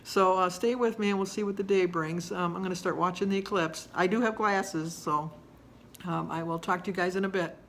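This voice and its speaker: A woman's voice: on the low side, steady tone, a little fast, fairly bright tone, a little hiss or hum. A woman in her sixties chatting casually to camera at home, rambling and homey in her delivery. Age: 60s. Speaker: vlogger.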